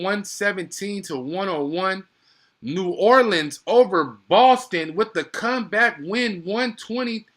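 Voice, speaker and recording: A young man doing casual live play-by-play of a basketball game, excitable and slangy, chatting with his viewers between plays. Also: on the high side.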